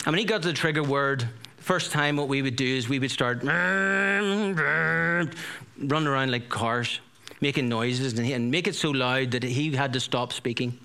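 A man's voice: mid-range voice, moderate pace, pushed and bright, smooth. Man preaching conversationally. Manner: conversational, storytelling, rhetorical questions. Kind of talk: sermon.

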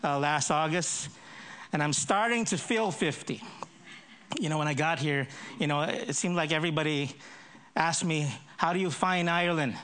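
Brief: fifties male pastor, Filipino accent with American touch, slightly higher voice, self-deprecating humor. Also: normal speed, fairly bright tone. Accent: Filipino with American influence. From Philippines. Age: 50s. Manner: self-deprecating jokes, repeats words when starting. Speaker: associate pastor. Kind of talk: sermon with prayer and humorous introduction.

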